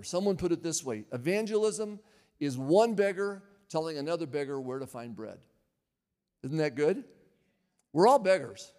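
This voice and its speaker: A man's voice: a little high, darkish tone, big-room sound. An older man, a pastor, preaching a sermon in a conversational way, often asking the audience questions.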